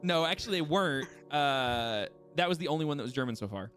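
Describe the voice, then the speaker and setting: Young male game master, fast and animated, with background music. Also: on the high side. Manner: animated, self-deprecating, rambling with restarts. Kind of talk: casual table talk between sessions. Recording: music bed playing behind voice.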